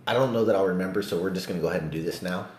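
A man casually discussing a movie, animated and profane, swinging between loud outbursts and low muttering. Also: racing, reverberant.

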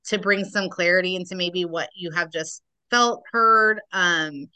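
A woman's voice: fairly low pitch, fairly even intonation, unhurried, bright, forceful tone, clean tone. A woman speaking as a podcast guest, a Reiki practitioner describing her work in an earnest, affirming way. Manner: earnest, affirming, spiritual wording. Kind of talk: casual conversation.

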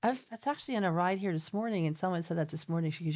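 A woman hosting a casual interview, an animated storyteller who acts out the voices of people she quotes. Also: on the low side, racing, hardly any pauses. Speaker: podcast host.

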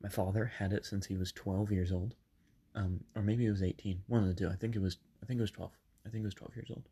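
This twenty-something podcaster, mildly ill, recounts his story loosely from a soft-furnished bedroom, stumbling through ums and self-corrections. He has a lowish, steady voice with a breathy edge and a quick pace.

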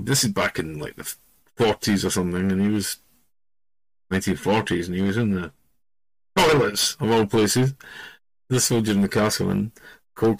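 Middle-aged Scottish-born podcaster, low voice, dry close sound, meandering storyteller. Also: male voice, creaky, no room sound, low-quality recording. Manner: rambling and digressive, loses the thread. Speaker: podcast host. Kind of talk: casual spoken storytelling.

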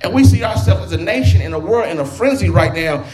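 Male preacher, high voice, folksy conversational sermon, echoing room. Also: expressive, quick pace. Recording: roomy hall with music behind.

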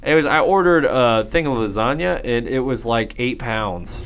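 A young man co-hosting a podcast in a studio, chatting casually, animated and profane. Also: medium pitch, normal speed. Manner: animated and profane, bursts into loud impressions. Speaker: podcast co-host. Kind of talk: casual chat.

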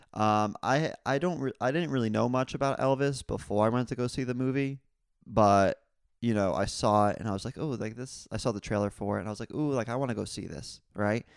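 A young man hosting a casual solo podcast, telling rambling stories full of crude jokes and swearing, and getting louder and higher when he is worked up. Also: creaky, clear, resonant tone, no echo, studio quality. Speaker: podcast host.

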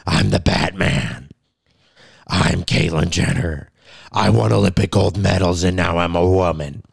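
A man doing a comic impression of a celebrity speaking in a deep, gravelly caped-crusader growl, slow and mock-grave. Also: no echo, clean studio sound, heavily acted.

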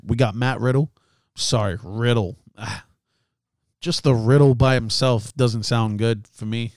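A man hosts a laid-back solo commentary in an ordinary mid-range voice. He rambles, stumbles over words and laughs at his own slips. The sound is dry and close, with no room echo. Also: mid-range voice. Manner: chatty, laughs at himself, many fillers and restarts. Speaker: podcast host.

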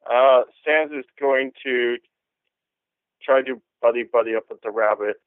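A man's voice: medium pitch, a little slow, no echo. A man playing in a tabletop game, talking casually and a little hesitantly. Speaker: player. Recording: tinny phone-like line, dry.

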